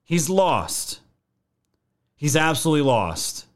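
A man's voice: a little high, big pitch swings, takes it slowly. A man hosting a podcast, giving casual political commentary in a joking, profane way. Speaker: podcast host.

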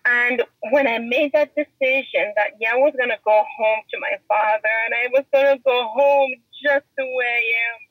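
A woman's voice: fairly high pitch, no echo. Woman telling her story in an interview, earnest and emotional, kinda dull dry audio. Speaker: podcast guest. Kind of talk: personal testimony in an interview.

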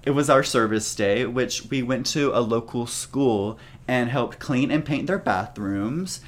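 A man's voice: medium pitch, measured pace. A young man co-hosting a podcast, casually telling a travel story in a rambling way full of "like" and restarts. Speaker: podcast co-host.

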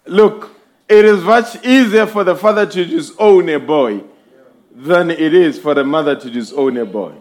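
A man preaching a sermon in slow, emphatic swells, speaking directly to his congregation. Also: a little high.

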